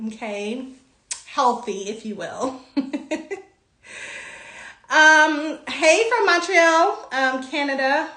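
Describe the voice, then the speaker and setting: A young woman hosting a casual livestream, greeting viewers by name in bubbly, drawn-out sing-song tones. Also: sits high, pushed and bright, roomy sound.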